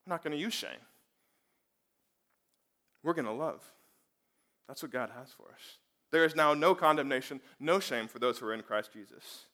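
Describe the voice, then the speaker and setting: A man with a somewhat high, bright, forceful voice delivers a sermon. He speaks emphatically, asking the listeners question after question. He sinks to a quiet hush and then swells back to full strength. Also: animated, normal speed, pauses often. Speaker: preacher.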